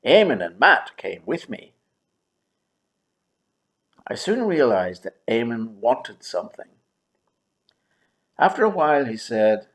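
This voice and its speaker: A man in his seventies telling his own story in a wry, dryly humorous way, with pauses and drawn-out words. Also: mid-range voice, very animated. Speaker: memoir narrator. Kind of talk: reflective first-person storytelling.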